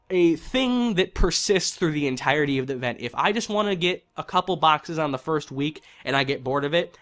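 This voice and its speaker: A man's voice: fairly high pitch, a bit bright. A man giving a heated, frustrated opinion rant on a video game, swearing and repeating himself for emphasis. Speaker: gaming commentator.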